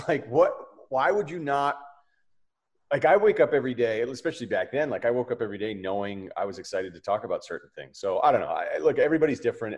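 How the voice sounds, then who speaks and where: Guy in his 40s running a talk show, blunt, gets loud when he tells a story. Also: medium pitch. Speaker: podcast host. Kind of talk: casual chat.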